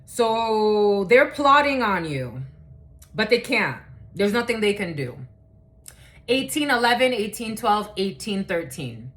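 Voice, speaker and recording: A woman's voice: medium pitch, sing-song, takes it slowly, fairly bright tone. A woman giving a casual, chatty collective tarot reading, cursing freely and using many fillers. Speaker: tarot reader.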